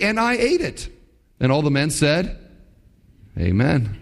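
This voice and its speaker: A man's voice: high voice, fairly bright tone, big-room sound. A man preaching a sermon as a pastor, talking animatedly and acting out the quoted voices.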